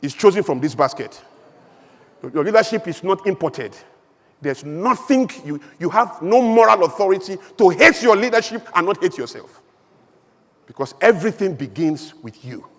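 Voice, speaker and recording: A man with a Nigerian accent giving an emphatic, animated public speech at a conference, full of rhetorical questions. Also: high-pitched, normal speed. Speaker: conference speaker. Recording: long hall reverb.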